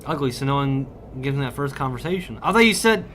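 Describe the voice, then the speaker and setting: A young man livestreaming a game, bantering loudly and profanely with his chat and joking around. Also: mid-range voice, animated, fast talker, a little hiss or hum. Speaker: streamer. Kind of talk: casual livestream chat while gaming.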